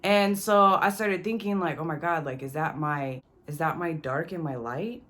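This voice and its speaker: A woman's voice: low voice, normal speed, fairly bright tone. A young woman vlogger telling a personal story in a casual, slangy way, cursing freely and addressing the viewer directly. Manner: slangy, profane, talks straight to the viewer.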